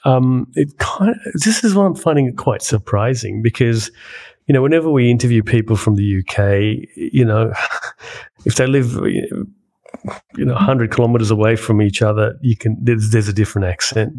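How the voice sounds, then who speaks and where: A man's voice: medium pitch, normal speed, darkish tone. A man interviewing a guest, asking curious, hesitant questions. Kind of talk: conversational interview.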